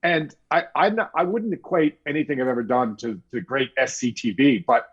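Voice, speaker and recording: Man, husky tone, muffled lo-fi audio, animated storyteller, interview guest. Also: medium pitch, normal speed. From Canada. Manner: animated anecdotes with quoted voices. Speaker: guest author.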